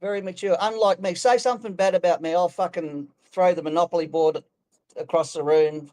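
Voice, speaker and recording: A man's voice: high-pitched, fairly even intonation, a little fast, darkish tone. An Australian man co-hosting a podcast, laughing and swearing in self-mocking banter. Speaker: podcast co-host. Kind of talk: casual banter.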